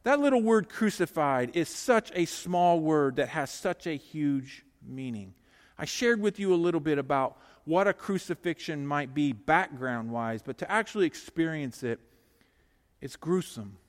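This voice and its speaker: A man preaching a sermon, swinging between hushed, slow lines and loud, urgent ones. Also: on the high side, expressive, big-room sound.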